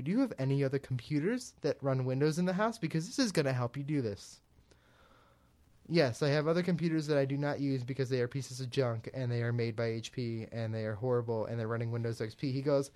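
A man's voice: mid-range voice, fast, darkish tone. A young man co-hosting a casual talk show, telling a story and acting out both sides of a phone call. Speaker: podcast co-host.

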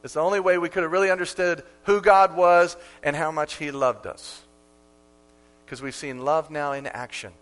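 A man preaching a sermon as pastor, emphatic and repeating key lines for effect, with sudden swings from quiet to loud. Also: on the high side, steady tone, moderate pace, faint music behind.

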